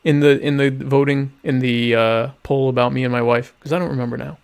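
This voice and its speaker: A man's voice: medium pitch, steady tone, fairly quick, creaky, clean tone. A young man hosting a casual live-streamed talk show, reading viewer questions aloud and answering with sardonic, mock-pompous humor. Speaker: podcast host.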